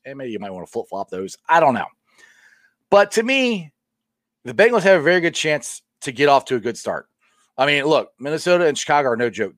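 A man hosts a casual sports talk livestream, speaking with passion and animation, restarting often and reading out viewer comments. His voice is on the high side, captured as a dry, studio-quality recording.

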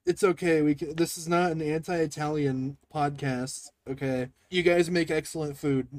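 A young man chats loosely on a podcast, swearing, joking and breaking into laughter. His voice sits a little high and the sound is dry and close. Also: fairly even intonation, moderate pace, no echo. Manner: crude, joking, laughs often. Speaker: podcast co-host. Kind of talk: casual review chat.

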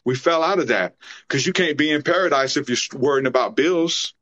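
A man's voice: a little high, fairly quick, a bit bright. A man speaking as a podcast guest, preaching in a fervent, emotional way during a spiritual conversation. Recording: dull lo-fi sound.

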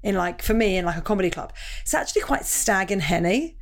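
A woman who does stand-up, hosting a casual interview with quick, rambling questions. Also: medium pitch, expressive. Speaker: podcast host, comedian.

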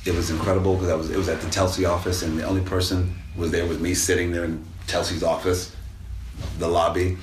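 A man in casual interview chat, talking in a relaxed, rambling way with many restarts. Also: sits low, fast talker. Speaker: guest actor. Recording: distant mic in echoey room, faint noise.

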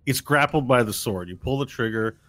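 A man narrating as game master of a tabletop game, describing scenes in a relaxed way and correcting himself as he goes. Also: medium pitch, fairly quick.

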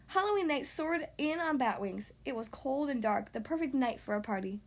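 High-voiced woman reading a storybook aloud. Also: lively intonation, normal speed, few pauses. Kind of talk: reading a picture book aloud.

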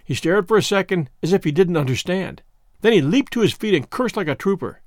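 A man narrating a first-person adventure story in measured storytelling, acting out the dialogue. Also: high voice, animated, no echo, clean studio sound. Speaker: audiobook narrator.

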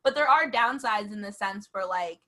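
Bright chatty young woman, laughing often. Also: mid-range voice, expressive, moderate pace. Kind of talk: casual podcast chat.

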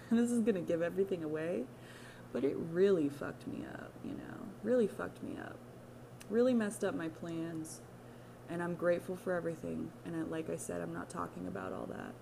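A woman's voice: on the low side, moderate pace, gravelly, dark tone, slight background noise. A young adult woman from the United States hosting her own podcast, talking candidly in a rambling, profane, self-mocking way. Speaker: podcast host. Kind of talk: casual solo podcast monologue.

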